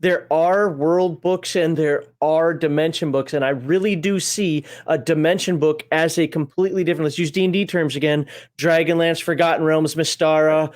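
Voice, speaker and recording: A man's voice: on the high side, fairly even intonation, normal speed, hardly any pauses. An American man co-hosting a casual game-book chat, reading viewer questions and arguing over pronunciation. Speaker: podcast co-host.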